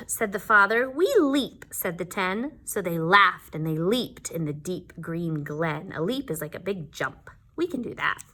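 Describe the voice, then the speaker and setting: Animated, unhurried woman reading to small children. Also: mid-range voice. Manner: animated storybook reading with playful asides. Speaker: kindergarten teacher. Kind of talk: reading a picture book aloud to young children.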